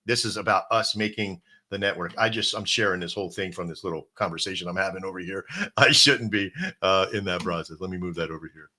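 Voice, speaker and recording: A man's voice: deep voice, quick pace, bright, forceful tone. A man hosting a casual crypto livestream, talking straight to his viewers in a rambling, coach-like pep talk with plenty of restarts. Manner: addresses viewers directly as folks and brother. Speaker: crypto stream host.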